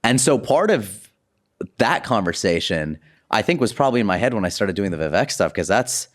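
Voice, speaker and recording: A young man talking as a guest on a podcast, telling animated stories in casual chat with lots of "like" and "you know". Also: on the low side, moderate pace.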